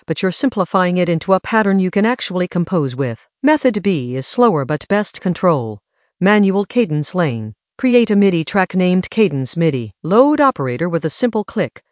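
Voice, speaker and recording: Tutorial narrator: animated, emphatic production teacher, dry and slightly dull sound. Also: medium pitch, no room sound. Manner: instructive, step-by-step, emphatic.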